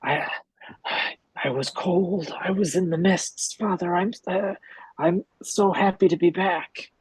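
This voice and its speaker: A man putting on a high, shaky voice for a scared teenage boy, stammering and halting over every word. The tone is husky and raised well above a low base, and it is heard close and dry in a tabletop game. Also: fairly even intonation, no room sound, heavily acted, low-quality recording. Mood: dazed. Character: teenage boy just revived, shaken and frightened.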